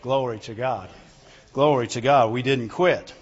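A man's voice: mid-range voice, a little slow, slightly rough. A male preacher giving a fervent sermon to a congregation, calling out for amens and reading scripture in old biblical wording. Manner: fervent, calls out for amens and glory to God. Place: church hall before a congregation. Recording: echoey hall, dull lo-fi sound.

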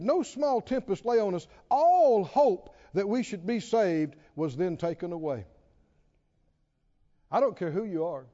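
Animated preacher man, high and lively. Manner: animated, dramatic retelling with frequent laughs and shouted exhortations. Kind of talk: sermon. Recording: dull sound with long hall reverb.

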